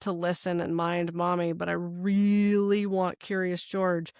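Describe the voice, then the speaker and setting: A woman voicing her small daughter, a little girl begging for her stuffed toy in a whiny, drawn-out way. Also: on the low side, completely flat delivery, darkish tone, smooth, no echo, clean studio sound. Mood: pleading.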